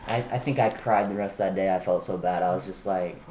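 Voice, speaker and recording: A man's voice: deep voice, quick pace, warm tone. A young man with a mid-range voice, telling stories with lots of energy and swearing casually. He acts out the people in his stories as he goes. The recording has a roomy echo and a faint hiss behind the voice. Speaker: podcast co-host. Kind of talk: casual chat. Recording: echoey room, faint room noise.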